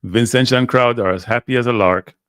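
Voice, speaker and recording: A man's voice: medium pitch, a little fast, fairly bright tone, clear, resonant tone, no room sound. Man doing live fan commentary, dry sound. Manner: frustrated, blunt fan commentary. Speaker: watchalong host.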